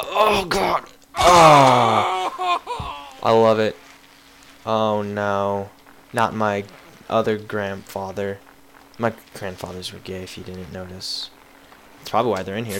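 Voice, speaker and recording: A young man commentating on a game he plays, excitable, yelping and apologizing to the characters. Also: fairly low pitch, a little hiss or hum. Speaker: gameplay commentator. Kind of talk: casual gaming commentary.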